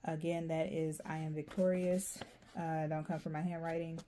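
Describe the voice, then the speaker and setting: A woman giving a casual, rambling tarot reading, chatty and quick to laugh. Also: deep voice, flat delivery, warm tone, slight background noise. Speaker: tarot reader.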